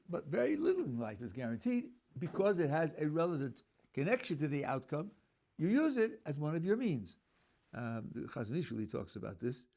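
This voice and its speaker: A man's voice: medium pitch, warm tone. Rabbi guy lecturing a class, voice goes up and down a lot, explains stuff, lots of ums and restarts. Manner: explanatory, thinks aloud with fillers and restarts.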